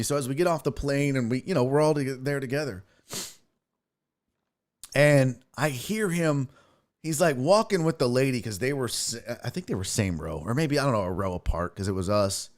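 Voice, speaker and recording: Young man, podcast host, casual storytelling, profane, lively pitch, slightly high voice. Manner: profane, animated, laughs often.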